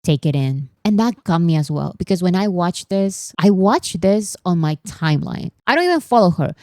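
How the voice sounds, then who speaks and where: A woman's voice: lowish voice, expressive, normal speed, darkish tone, dry recording. A woman hosting a casual pop culture vlog, chatty and rambling, with frequent asides and self-corrections.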